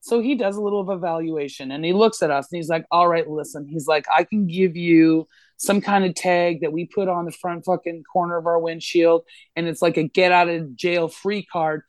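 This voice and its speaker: A woman's voice: on the low side, normal speed, no room sound. A Canadian woman tells a story on a podcast, swearing with abandon. She slips into the voices of the people she's describing as she goes. Her voice is close and dry, with no room sound. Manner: profane, animated, acts out voices in the story. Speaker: podcast co-host. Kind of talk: casual storytelling.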